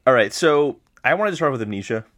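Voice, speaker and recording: A man co-hosting a gaming podcast in casual chat, easygoing and quick to laugh. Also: mid-range voice, expressive, a bit bright. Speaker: podcast co-host.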